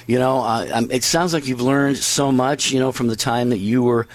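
Guy hosting a talk show, mid-pitch, sums up what the guest said. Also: fairly even intonation, normal speed. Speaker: host.

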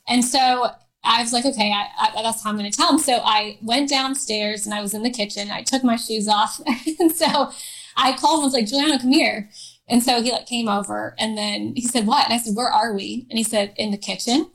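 A woman's voice: a little high, brisk, fairly bright tone, rough recording. Chatty woman telling a personal story. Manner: chatty, laughs often, many fillers. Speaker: guest.

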